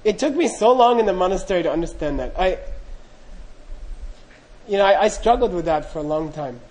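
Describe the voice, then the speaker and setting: High-voiced middle-aged man telling a funny story. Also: lively intonation, brisk, darkish tone, low-quality recording. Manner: self-deprecating, loose and anecdotal, acts out quoted dialogue. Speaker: speaker recounting monastery training. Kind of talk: humorous storytelling to an audience.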